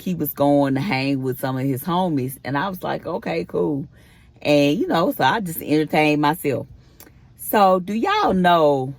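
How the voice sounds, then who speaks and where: A woman with a low voice chats through a personal storytime in a casual way. She acts out the quoted lines of each exchange as she goes. The sound is dry and close, with no room around it. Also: no echo. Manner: chatty retelling with acted-out quoted dialogue. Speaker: vlogger.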